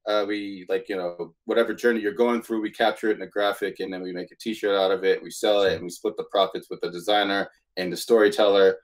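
A man with a fairly low voice chats as a podcast guest. He is relaxed and a little halting, filling pauses with "uh" and "um" as he goes. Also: low-quality recording. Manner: laid-back, hesitant, many "uh" and "um" fillers. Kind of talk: casual conversation.

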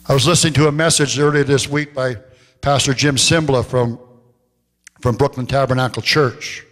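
A man pastor preaching a sermon, telling stories and slowing down to stress key phrases. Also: steady tone, fairly bright tone. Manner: storytelling preacher, rises in pitch for quoted voices, slows for emphasis. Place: church sanctuary. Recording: long church hall reverb.

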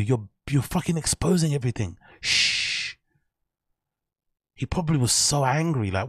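A man's voice: medium pitch, moderate pace, husky, dry recording, studio quality. A man hosting casual reaction commentary, mocking and profane as he rambles over clips. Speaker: commentary channel host.

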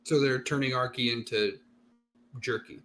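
A man's voice: mid-range voice, normal speed. A man co-hosting a book podcast, reacting with jokes in casual chat. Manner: joking, animated reactions. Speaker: podcast co-host.

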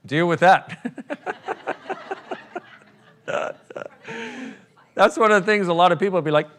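A man's voice: high-pitched, measured pace, long pauses, fairly bright tone. A man leading a live workshop for an audience, irreverent and playful, joking, swearing and laughing as he talks. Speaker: workshop facilitator.

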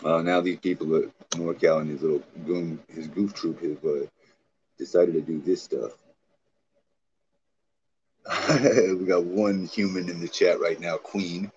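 Low-voiced profane man livestreaming. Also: measured pace, long pauses. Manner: profane, excitable, talks back to chat. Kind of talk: casual livestream chat. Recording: dull lo-fi stream audio, faint noise.

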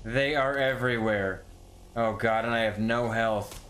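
A man's voice: mid-range voice, a little slow, a little hiss or hum. A man commentating his own gameplay casually, mocking himself and yelping when things go wrong. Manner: self-mocking, excitable yelps. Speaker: gaming streamer.

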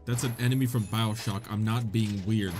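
A young man hosting a gaming channel and giving excitable, joking let's-play commentary, laughing often. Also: on the low side, moderate pace. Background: game music.

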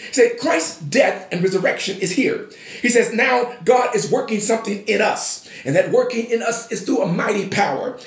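A man with a high voice preaches a sermon, building from steady declarations into emphatic shouts. His voice carries through an echoey room, as if in a church sanctuary. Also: moderate pace, creaky. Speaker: pastor.

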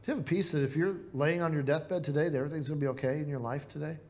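Earnest Midwestern preacher man, fairly high voice. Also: steady tone, rapid-fire, darkish tone. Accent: Midwestern American. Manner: earnest, conversational preaching with rhetorical questions. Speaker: pastor. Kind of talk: sermon. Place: church.

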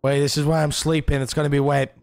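A man teasing a housemate in casual role-play banter, deadpan and dry. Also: fast talker, creaky. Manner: teasing, deadpan, lively pitch. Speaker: role-play player character.

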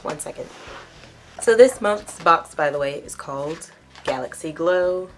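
A woman's voice: low-pitched, expressive, measured pace. A congested young woman reviewing a beauty box in a casual, rambling chat with self-corrections. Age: young adult. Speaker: beauty vlogger.

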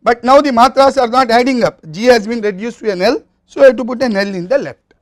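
A man with an Indian English accent giving a university lecture, explaining step by step in a measured way with occasional fillers and restarts. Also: extremely high pitch. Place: recording studio or classroom.

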